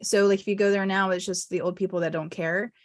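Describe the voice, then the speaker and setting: Co-host, American woman, lively and laughs a lot in loose group chat. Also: mid-range voice, fast. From United States. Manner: animated, laughs easily. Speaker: podcast co-host. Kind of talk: casual chat.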